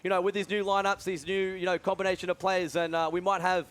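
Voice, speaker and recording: A young man doing live esports commentary, energetic and full of fillers. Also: high-pitched, smooth. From Australia. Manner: fast, energetic, many fillers. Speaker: esports commentator and event organizer.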